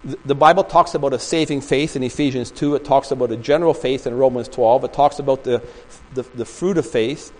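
A man's voice: medium pitch, fairly quick, few pauses, a little mellow, rough recording. A man preaching a sermon in a small church, telling stories and rambling with many restarts. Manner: rambling storytelling with frequent restarts. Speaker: pastor.

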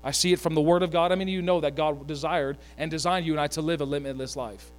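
High-voiced man preaching an animated sermon. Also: fast, faint music behind. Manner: animated, joking asides, calls for congregation to repeat. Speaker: pastor.

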